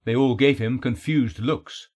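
Brief: husky male storyteller, steady and even, mid pitch. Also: unhurried. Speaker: narrator. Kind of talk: audiobook narration.

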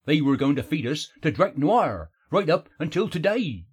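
A man voicing a curt, sharp-tongued wizard in an audiobook, close to his own voice. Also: on the high side, sing-song, moderate pace, slightly rough, voice pushed up, heavily acted. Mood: snappish. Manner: curt, snappish. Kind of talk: audiobook character voice.

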